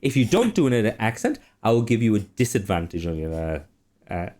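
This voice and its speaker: A man's voice: on the low side, wildly swooping pitch, fairly quick, darkish tone. A man running a tabletop game as game master, teasing and pushing the players and swearing freely.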